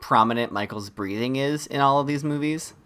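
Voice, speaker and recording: A man with a mid-pitched, everyday voice co-hosts a casual movie podcast. He retells scenes in a lively way and slips into the characters' lines as he goes. The talk is loose and conversational. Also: fairly quick. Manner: animated retelling, quotes characters in mock voices. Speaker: podcast co-host. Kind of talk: casual comedic movie recap.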